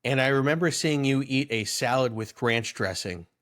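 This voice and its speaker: A podcast co-host in his thirties chats casually in a mid-range voice at a moderate pace. He tells rambling stories, amused and animated.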